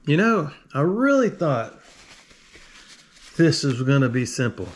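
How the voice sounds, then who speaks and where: A man's voice: fairly high pitch, sing-song, measured pace. A man with a drawl, working on a tool and talking to himself in a joking, rambling way. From Alabama. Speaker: video host. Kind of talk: casual workshop tinkering talk.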